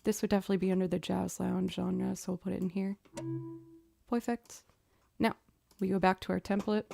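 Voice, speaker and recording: A young woman musician chatting casually as she builds a music loop, thinking out loud and making fun of her own mistakes. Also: mid-range voice, little pitch movement, a little fast, vocal fry. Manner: chatty, thinks aloud, self-deprecating. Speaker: musician streamer. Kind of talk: casual chat while producing music. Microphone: studio mic.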